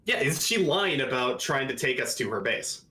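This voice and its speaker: A man's voice: mid-range voice, animated, normal speed, sharp tone, low-quality recording. Curious male tabletop player. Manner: curious, asks questions. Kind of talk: casual game chat.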